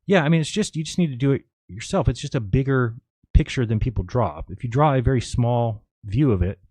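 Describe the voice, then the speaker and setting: A man's voice: medium pitch, animated, a little fast, darkish tone, dry recording. Offhand man reading his live chat. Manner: offhand, rambling, reads chat questions aloud and answers. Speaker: live stream host. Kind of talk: casual live stream chat, reading viewer comments.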